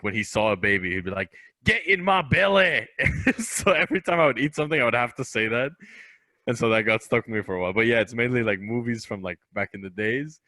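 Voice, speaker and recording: A man's voice: on the low side, dry recording. A young man in his twenties chatting animatedly as a comedian guest on a podcast. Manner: animated, chatty, drops into voices. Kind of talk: casual interview chat. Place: podcast studio.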